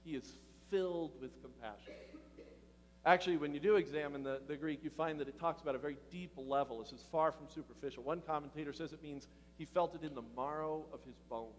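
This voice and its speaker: A male pastor preaching a sermon in a lively, conversational way, asking the congregation questions and laughing as he goes. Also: on the high side, brisk, long reverb tail, a little hiss or hum. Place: church hall.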